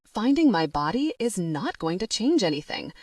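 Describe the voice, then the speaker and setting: A woman voicing a gentle, old-fashioned young male ghost, who speaks formally and reassuringly without contractions. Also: medium pitch, big pitch swings, normal speed, no room sound. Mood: tender.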